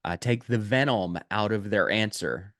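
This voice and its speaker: A man with a fairly low voice delivers a sales prospecting lesson straight to camera. He talks emphatically, stacking repeated words for stress and filling gaps with "uh" and "um". The sound is dry and close, with no room echo. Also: measured pace, a bit bright. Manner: emphatic, repeats key points, frequent "uh" and "um". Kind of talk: instructional video lesson.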